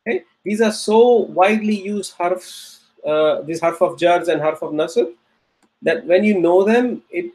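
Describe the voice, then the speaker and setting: A man's voice: high-pitched, darkish tone. A man teaching an online grammar lecture, patiently repeating points and checking in with the class. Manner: patient, repetitive, checks in with "okay?". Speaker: Arabic teacher.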